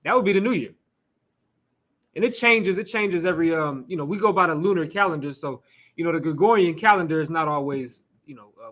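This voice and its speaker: A man with a high, bright voice preaches to a small class in a loose, talky way. He keeps asking the room questions and slips in laughs and swearing. He sounds relaxed and street-casual rather than formal. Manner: casual, conversational, rhetorical questions, occasional cursing. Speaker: teacher leading a scripture class. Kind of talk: informal sermon.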